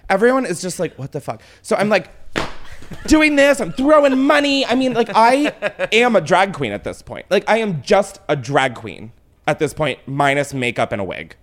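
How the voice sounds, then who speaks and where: A young man hosts his show and tells a messy night-out story with big drama. His voice sits a bit high and jumps all over the place as he acts out what everyone said. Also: normal speed. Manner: animated, swearing, dramatic retelling with put-on quotes. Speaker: podcast host. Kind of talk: casual storytelling chat.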